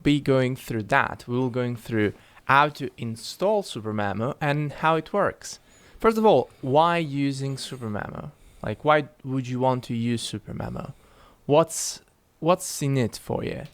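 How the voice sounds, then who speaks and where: A man's voice: mid-range voice, lively intonation, a little slow, clean tone, no room sound. A man explaining a learning tool in a casual, conversational way, asking rhetorical questions. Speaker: original course narrator.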